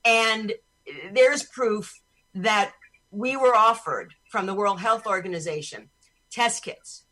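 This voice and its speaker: A woman's voice: mid-range voice, slow, pushed and bright, rough recording. A woman hosting a podcast over a video call, talking in a blunt, profane, ranting way. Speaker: podcast host. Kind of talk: casual chat on a video call.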